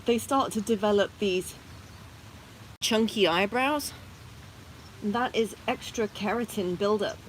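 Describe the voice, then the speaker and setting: A woman talks in a relaxed, unhurried vlog style, mid-pitched and soft. She slips into gentle cooing for her pets between explanations, with faint noise in the background. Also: rough recording. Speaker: rabbit owner and channel host. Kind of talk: casual vlog narration while tending pets.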